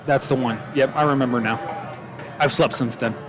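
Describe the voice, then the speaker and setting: A man calling a live high school football game play by play, quick and joking as he corrects himself. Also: steady tone. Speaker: play-by-play announcer.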